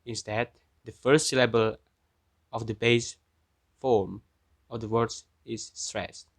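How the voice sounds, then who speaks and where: A young man with an Indonesian accent reading a student presentation, pausing between example words. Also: medium pitch, steady tone, no echo.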